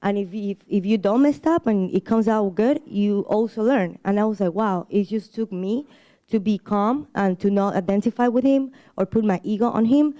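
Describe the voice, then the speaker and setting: Woman church member, non-native English speaker, mellow voice, halting and full of restarts. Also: mid-range voice, dull audio. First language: not English. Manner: halting, with many restarts and fillers. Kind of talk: casual personal testimony.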